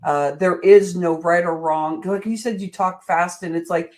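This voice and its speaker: Woman podcast host, warm and effusive, casual interview chat. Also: lowish voice, fairly even intonation, moderate pace.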